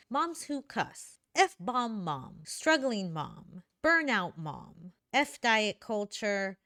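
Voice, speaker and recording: A woman's voice: medium pitch, a bit bright, smooth, no room sound, clean studio sound. Sarcastic woman doing reaction commentary. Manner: sarcastic, critical. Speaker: YouTube commentator. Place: living room at home with a fire going.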